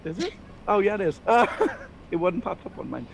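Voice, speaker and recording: A man's voice: sits high, animated, a little fast, vocal fry, a little hiss or hum. A man narrating as game master of a tabletop game, loose and chuckling, full of fillers.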